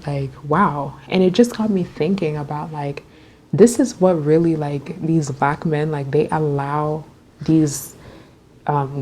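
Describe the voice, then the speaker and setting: A young woman telling a storytime vlog, animated and chatty, full of fillers. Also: low-pitched, slight background noise. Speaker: vlogger.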